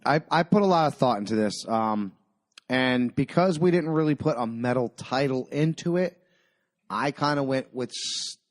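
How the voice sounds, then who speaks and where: A man's voice: medium pitch, lively intonation, moderate pace. A man co-hosting a podcast in casual chat, emphatic, repeating himself and swearing freely. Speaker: podcast co-host.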